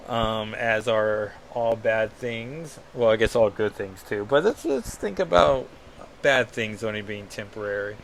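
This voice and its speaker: A man's voice: mid-range voice, slight background noise. A man casually recapping a comic book issue, rambling with frequent ums and reading panel text aloud. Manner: rambling, with many ums and asides; reads captions and dialogue aloud in a flat summary voice.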